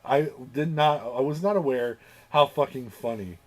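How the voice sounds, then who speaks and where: A man's voice: mid-range voice, moderate pace, a little mellow. Profane laughing man recapping a movie. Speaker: podcast host. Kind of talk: casual movie review chat.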